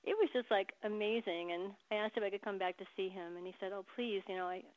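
A woman guest telling heartfelt stories in an interview, emotional and quick to laugh. Her voice sits at a middle pitch. The sound is a little dull and lo-fi. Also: fairly even intonation, dry recording. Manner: warm, emotional storytelling with laughs. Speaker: author and guest. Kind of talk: casual interview storytelling.

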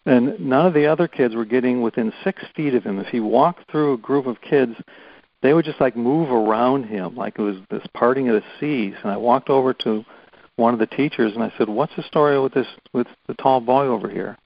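Man, gravelly, earnest storyteller, halting, dry muffled call audio. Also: mid-range voice, dry recording. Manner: halting, repeats words, earnest. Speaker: guest telling a story. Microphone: phone or conference call.

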